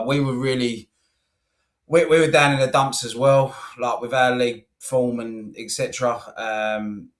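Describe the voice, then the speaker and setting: Man, co-host, casual football talk, relaxed, sweary, middle pitch.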